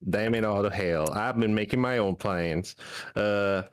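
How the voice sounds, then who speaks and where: Slow, stammering man. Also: on the low side, clear, resonant tone, no echo. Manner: flustered, giggly, stammering. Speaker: player. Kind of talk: role-playing a character in a tabletop game.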